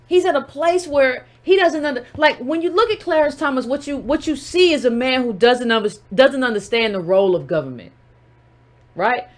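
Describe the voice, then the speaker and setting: A woman's voice: high voice, animated, normal speed. A woman giving livestream political commentary, emphatic and firing rhetorical questions while speaking straight to her audience.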